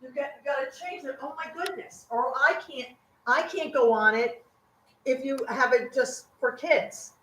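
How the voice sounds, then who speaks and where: A woman's voice: sits high, moderate pace, fairly bright tone. Older woman, echoey room. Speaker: wife, helper. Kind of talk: casual chat. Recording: echoey room, faint noise.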